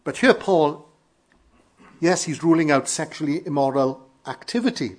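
A man from Wales with a Welsh accent, preaching an earnest sermon with emphatic rises and quiet falls. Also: fairly high pitch, big pitch swings, moderate pace. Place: church in London.

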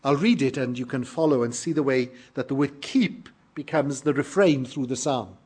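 A British man with a mid-range, slightly breathy voice preaches at a normal speed. He reads scripture and explains it earnestly and emphatically, with sudden loud peaks.

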